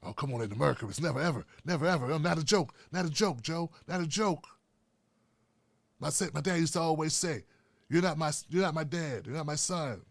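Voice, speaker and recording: A man putting on a folksy old statesman who mumbles low and soft, each phrase trailing away as he rambles. The voice drops well below the speaker's own and hangs back quietly, half-distant from the mic. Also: a little fast, vocal fry, no echo. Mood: mock folksy. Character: impression of an older male American president, mumbling folksy.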